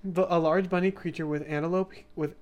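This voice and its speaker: Woman, podcast co-host, teasing and giggly, low-pitched. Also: steady tone, a little mellow, dull audio. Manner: giggly, teasing, reads aloud haltingly. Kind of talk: casual chat.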